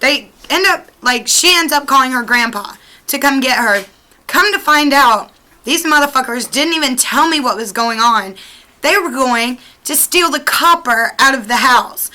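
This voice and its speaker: A woman's voice: high voice, animated, normal speed, bright, forceful tone, poor audio. A young woman vlogger telling a storytime to her camera at home, chatty and profane, with lots of "like".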